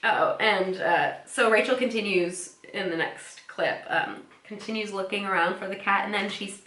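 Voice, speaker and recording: Podcast co-host, female, casual and giggly, bright tone, echoey room. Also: mid-range voice, normal speed. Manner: chatty, giggly, many "um"s, acts out quoted lines. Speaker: podcast co-host recapping episodes. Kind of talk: casual chat.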